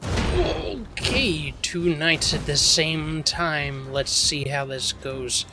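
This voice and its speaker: A man's voice: a little high, expressive, extremely slow, background noise. A man giving casual, rambling commentary while playing a game, mocking himself and swearing freely as he goes. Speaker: gaming channel host.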